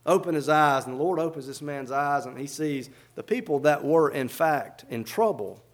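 High-pitched guy preaching, reads old bible verses then breaks them down, fired up. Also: lively intonation, normal speed. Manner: fervent, reads scripture in old-fashioned diction then explains it plainly. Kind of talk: sermon.

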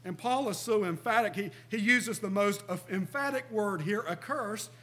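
Male preacher, middle-aged, high voice, earnest, emphatic, reads scripture aloud, asks the congregation questions. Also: moderate pace, bright, forceful tone. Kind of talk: sermon.

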